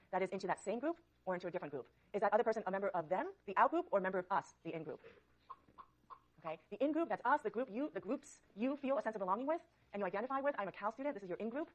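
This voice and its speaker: A woman psychology lecturer teaching a university class, coaxing students with frequent okays. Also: mid-range voice. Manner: brisk, coaxing, many okays. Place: large lecture hall. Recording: dull lo-fi lecture recording.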